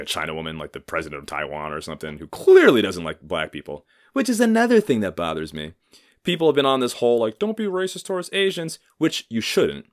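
Thirties male podcast host, low and lively, profane and rambling, self-deprecating humor. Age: 30s. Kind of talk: casual solo podcast monologue.

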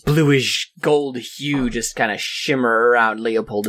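A man running a tabletop game as game master, narrating the action and calling rolls. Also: medium pitch. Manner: slow, animated narration with frequent laughs.

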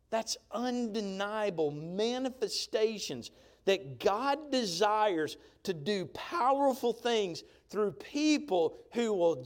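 A man preaching a sermon, telling a story with lively emphasis and often checking in with the crowd. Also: high voice. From Georgia. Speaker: pastor.

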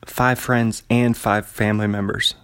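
A man's voice: on the low side, little pitch movement, unhurried, fairly bright tone, clear, resonant tone, no echo. A man hosting a casual solo podcast from his apartment, rambling in a laid-back way with lots of fillers. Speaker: podcast host. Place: home apartment.

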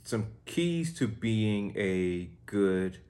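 A man in his thirties with a very deep voice co-hosts a casual podcast. He explains his points in a laid-back, teasing way. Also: very animated, drawn-out words, dark tone. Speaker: podcast co-host. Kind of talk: casual chat.

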